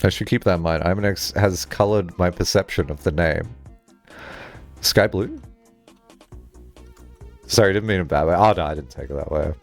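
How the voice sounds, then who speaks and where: A man's voice: low voice, normal speed, long pauses, soft background music. A male streamer chatting casually while playing a game, rambling through a story with lots of "like" and swearing.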